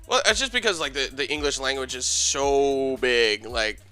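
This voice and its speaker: A man's voice: medium pitch, normal speed, sharp tone, smooth, faint music behind. A young man chatting loosely on a podcast, swearing often and rambling through his points. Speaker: podcast host. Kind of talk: casual podcast banter.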